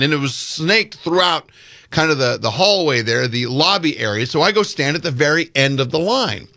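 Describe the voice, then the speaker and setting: A man casually telling a long story on a podcast, animated and acting out the people in it. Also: on the high side, moderate pace, dry recording, studio quality. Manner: animated, acts out voices, rising loudly when quoting himself.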